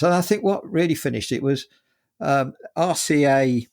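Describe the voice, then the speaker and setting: A man's voice: a little high, normal speed, gravelly, darkish tone. An English man in his seventies, a guest musician telling chatty, rambling stories with lots of fillers. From England. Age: 70s. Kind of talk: casual anecdotal storytelling.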